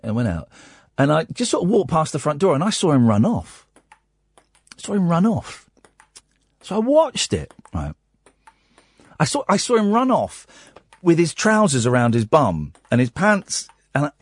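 A man's voice: on the high side, slightly rough, no echo. A middle-aged man, a late-night radio host telling rambling family stories and acting out the dialogue. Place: radio studio.

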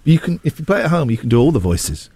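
A man's voice: mid-range voice, very animated, warm tone, breathy edge, no echo. A man hosting a radio show, joking and teasing his co-hosts in casual banter. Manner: playful, laughing, quick to tease.

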